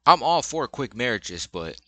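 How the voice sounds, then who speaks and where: A man's voice: mid-range voice, big pitch swings, unhurried, sharp tone, no room sound. A young man giving blunt, rambling relationship advice in casual, slang-filled commentary.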